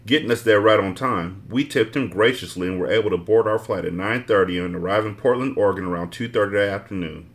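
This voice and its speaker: A man's voice: fairly low pitch, fast talker, hardly any pauses. A man hosting a book podcast, reading a novel aloud with blunt, profane asides. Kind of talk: casual book reading with commentary.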